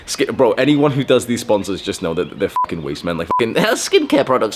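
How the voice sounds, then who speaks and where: A man's voice: lowish voice, big pitch swings, quick pace, hardly any pauses, background noise. A young man giving blunt, profane self-improvement advice in a casual, rambling monologue. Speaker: self-improvement video host.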